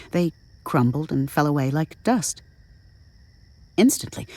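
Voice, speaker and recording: A woman narrating an audio drama in a measured, even storytelling manner. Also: on the low side, slightly rough, no room sound.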